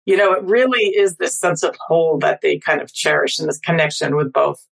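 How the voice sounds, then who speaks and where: A woman's voice: sits low, steady tone, brisk, creaky, low-quality recording. A middle-aged woman speaking as a documentary filmmaker guest, earnest and reflective, with occasional restarts. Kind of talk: interview conversation.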